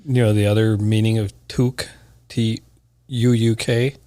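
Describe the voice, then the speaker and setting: A man co-hosting a casual podcast, wry and self-deprecating in a low-key way. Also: flat delivery, moderate pace, mellow, dry recording. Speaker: podcast co-host.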